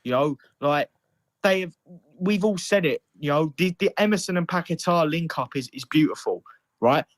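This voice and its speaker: A man's voice: a little high, expressive, moderate pace, no room sound. A man grumbling wearily about his football team on a podcast. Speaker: podcast panelist. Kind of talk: casual football chat.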